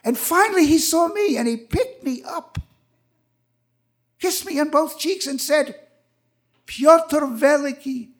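An older man recounts a memory on stage, his voice sitting high for a man. He tells it with animation, dropping into the voices of the people he quotes. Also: lively intonation, a little slow, long pauses. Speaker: storyteller. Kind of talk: live personal storytelling. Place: stage at a live event.

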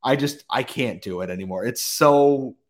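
A man's voice: medium pitch, moderate pace. Male sports podcast host with a cold, chatty and exasperated. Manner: exasperated ranting. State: has a cold. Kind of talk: casual sports podcast chat and read ads.

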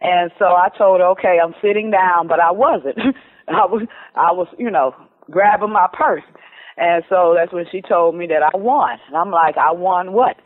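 A woman's voice: lowish voice, normal speed. A middle-aged woman tells a story over the phone, the sound thin and narrow as a phone call. She talks casually and with life, slipping into the voices of the people she quotes, and fills gaps with "um" and "you know". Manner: lively, acts out quoted dialogue, many fillers. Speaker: lottery winner telling her story. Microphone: telephone. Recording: tinny phone line.

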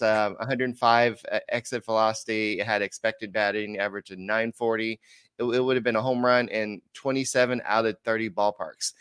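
A man's voice: mid-range voice, a bit bright, clear, resonant tone, dry recording. A man hosting a casual sports podcast, rambling through game stats with lots of "uh" and restarts. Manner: rambling, filler-heavy stat talk. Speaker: podcast host.

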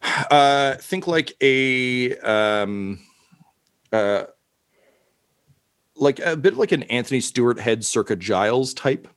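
A man's voice: medium pitch, takes it slowly, long pauses, a bit bright, clear, resonant tone, dry recording, studio quality. A man running a tabletop game as game master, narrating hesitantly with many fillers.

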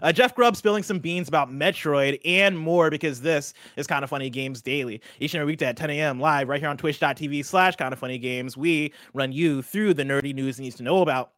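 Fast-talking, bright-voiced young man. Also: on the high side, no room sound, studio quality. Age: late 20s. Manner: energetic, laughing banter. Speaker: co-host. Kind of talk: casual chat.

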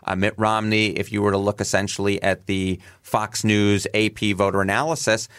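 A man from New York co-hosting a political podcast, explaining polling data in an animated, numbers-heavy way. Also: fairly low pitch, no echo, studio quality. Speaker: political data analyst co-host. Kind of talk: casual political podcast chat.

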